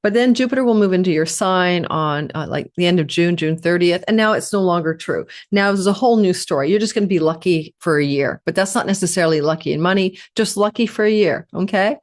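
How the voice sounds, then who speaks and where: Woman astrologer, lowish voice, chatty, rambling lists, forecast monologue. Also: brisk, few pauses. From Canada. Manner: chatty, piles up lists of words with frequent asides.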